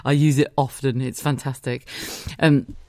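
A woman's voice: extremely low pitch, flat delivery, measured pace, a little mellow, no room sound, clean studio sound. A woman hosting a podcast in casual solo chat, candid and laughing often, swearing freely. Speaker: podcast host.

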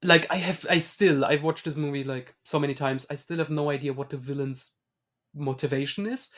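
A man's voice: fairly high pitch, a little fast, fairly bright tone. A man co-hosting a podcast, chatty, with hesitant restarts in a casual film discussion. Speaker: podcast co-host.

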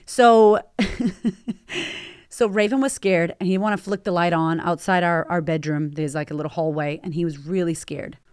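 A woman's voice: lowish voice, fairly even intonation, normal speed, a little mellow, clean tone, no room sound, clean studio sound. Blunt, profane woman podcast host. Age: 40s. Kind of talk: motivational podcast monologue.

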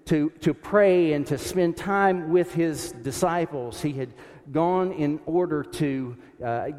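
A man preaching a sermon from a pulpit in a church, reflective, sinking soft and low when he voices prayers. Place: church sanctuary behind a pulpit. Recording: long church reverb.

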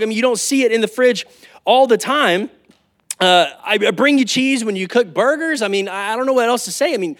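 A man's voice: very high-pitched, voice pushed up. A man voicing an exasperated wife scolding her husband in a sermon story.

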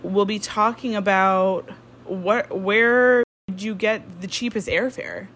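Slow, rambling young woman podcaster. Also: medium pitch, a bit bright. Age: 20s. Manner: rambling, candid, with frequent ums and self-interruptions. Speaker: podcast host. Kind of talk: casual solo podcast chat. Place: indoors at home.

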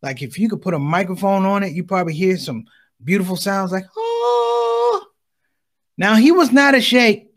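A man's voice: high voice, expressive, brisk, fairly bright tone. A middle-aged man doing stand-up comedy, telling a story and acting out the voices of his parents.

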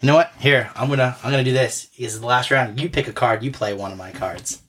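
A man's voice: mid-range voice, fast talker, a bit bright. A man co-hosting a podcast, chatting casually through a card game with a laugh and an easygoing, trailing-off way of talking. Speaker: podcast co-host.

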